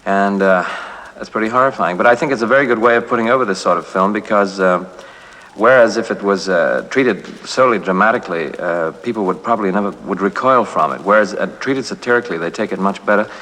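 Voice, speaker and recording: An actor in a 1960s radio interview, answering in a rambling, hesitant and playful way. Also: male voice, lowish voice, fast, fairly bright tone. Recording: 1960s radio, long reverb.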